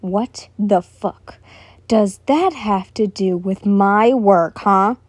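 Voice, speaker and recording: A woman reading a story aloud, voicing a hot-tempered, foul-mouthed young king who snarls and yells insults. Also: medium pitch, takes it slowly, breathy edge, no echo. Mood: angry snarling.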